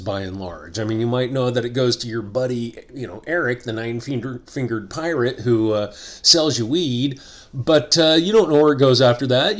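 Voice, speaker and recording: A middle-aged man hosting a casual vlog monologue, rambling and joking with asides. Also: medium pitch. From United States. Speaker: host.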